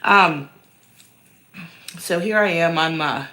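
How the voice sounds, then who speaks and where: A woman with a low-pitched yet bright, forceful voice chats loosely on a home livestream. She rambles and pokes fun at herself. A cough roughens her voice now and then. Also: slow pace. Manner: rambling, chatty, self-mocking. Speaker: host answering viewer questions. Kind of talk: casual livestream chat. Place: downstairs at home.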